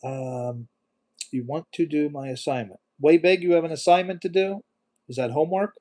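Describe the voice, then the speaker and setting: A middle-aged man hosting a casual live stream, talking softly and emotionally while reading viewer comments aloud. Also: fairly high pitch, normal speed.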